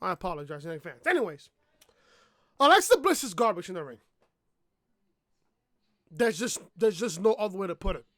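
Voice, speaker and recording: A woman's voice: mid-range voice, sing-song, normal speed, long pauses, fairly bright tone, no echo, studio quality. A woman reviewing a wrestling show in a blunt, profane rant, repeating herself and barking "woof" between points, on a laptop webcam mic. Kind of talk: profane ranting review vlog.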